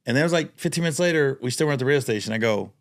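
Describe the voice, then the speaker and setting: A man's voice: mid-range voice, racing. A man hosting a podcast, chatting casually and telling funny stories, acting out the people in them. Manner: animated storyteller, acts out quoted voices. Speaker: podcast host, comedian. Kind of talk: casual storytelling chat.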